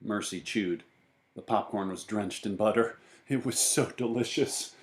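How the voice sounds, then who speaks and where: A man reading a children's book aloud in an expressive way, putting on voices for the characters. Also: on the low side, measured pace, reverberant. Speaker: storybook reader.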